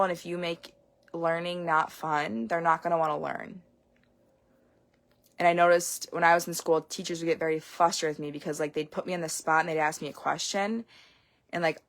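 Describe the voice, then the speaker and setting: Chatty young mom, rambling and frank. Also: female voice, fairly low pitch, a bit bright. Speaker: homeschooling parent. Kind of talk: casual vlog monologue.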